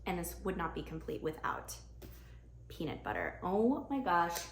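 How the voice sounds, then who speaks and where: Young female vlogger, enthusiastic, casual chat, slightly low voice, echoey home room. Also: huge pitch swings, moderate pace, a little hiss or hum. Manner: bubbly, chatty, enthusiastic.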